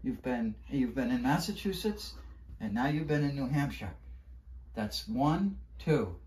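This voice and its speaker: A man, the father, talking gently and teasingly to his baby in a hotel room. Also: mid-range voice, expressive, a little slow, poor audio. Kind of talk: casual talk to his baby.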